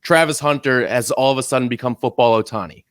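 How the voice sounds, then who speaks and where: A man's voice: mid-range voice, fast, fairly bright tone, no echo. A man co-hosting a college football podcast, talking casually and teasing his co-host. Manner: upbeat, teasing banter. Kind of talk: casual sports chat.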